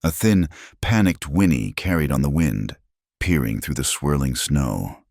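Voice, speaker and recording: Deep voiced guy reading a western story, slow dramatic measured delivery, dry sound. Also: expressive, vocal fry, a little mellow, no echo. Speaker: narrator. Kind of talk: scripted storytelling narration.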